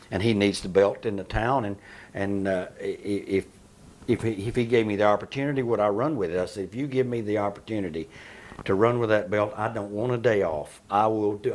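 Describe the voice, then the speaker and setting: A man telling wrestling-career stories in an interview, animated and profane, laughing often. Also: fairly low pitch. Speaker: interview guest, retired wrestler. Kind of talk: shoot interview storytelling.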